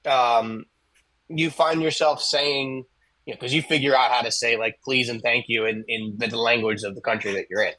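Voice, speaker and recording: A man's voice: medium pitch, fairly even intonation, moderate pace, pushed and bright, poor audio. A young adult man co-hosting a casual talk show, rambling with many fillers and restarts. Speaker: co-host.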